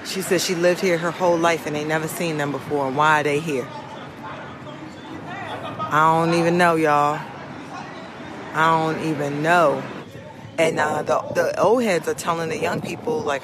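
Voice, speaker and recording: A woman field reporter giving an animated, conversational report from a city street. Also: sits low, normal speed, long pauses, background noise.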